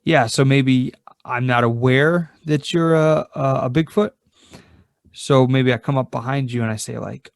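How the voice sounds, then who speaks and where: A man's voice: mid-range voice, a little slow, gravelly, no echo, clean studio sound. A man co-hosting a podcast, describing his moves in a tabletop role-play in an easygoing, tentative way. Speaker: podcast co-host and player.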